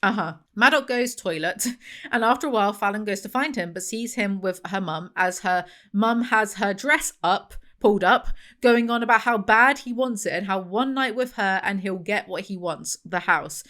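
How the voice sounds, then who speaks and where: A woman's voice: medium pitch, moderate pace, a bit bright. A young woman reading passages from a novel aloud and mocking them with wry, sarcastic commentary as a book reviewer.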